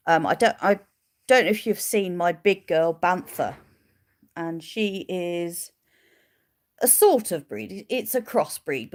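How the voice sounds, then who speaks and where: Chatty woman with a lively low voice. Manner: chatty and rambling, cooing at her sheep. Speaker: sheep keeper and livestream host. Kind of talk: casual livestream chat answering viewer questions.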